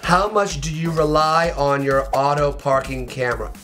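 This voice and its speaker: A man's voice: a little high, normal speed, fairly bright tone, faint music behind. A man hosting a live comedy podcast, crude, campy and rambling, losing his voice. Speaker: podcast host. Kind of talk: casual comedic chat. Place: live venue with music playing.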